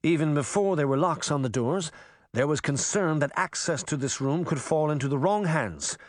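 A man voicing a calm, cold male villain who speaks in a measured, detached way. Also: a little high, no room sound, clean studio sound, lightly acted.

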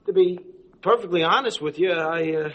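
A stammering, nervous young husband. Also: male voice, high-pitched, normal speed, fairly bright tone. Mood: hesitant, nervous. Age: young adult. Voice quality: stammering, hesitant. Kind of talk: 1970s sitcom acting.

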